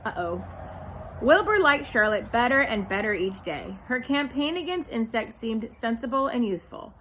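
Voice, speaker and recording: A woman reading a children's chapter book aloud with expressive storytelling. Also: a little high, normal speed, slight background noise, poor audio. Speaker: storybook reader. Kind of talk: children's read-aloud narration.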